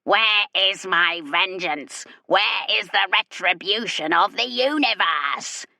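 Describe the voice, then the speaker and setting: Woman doing slow, bright-edged bellowing alien giant, vengeful, ancient, audiobook read. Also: medium pitch, vocal fry, dry recording, clean studio sound, exaggerated voice. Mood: anguished. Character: huge ancient alien machine-being, vengeful.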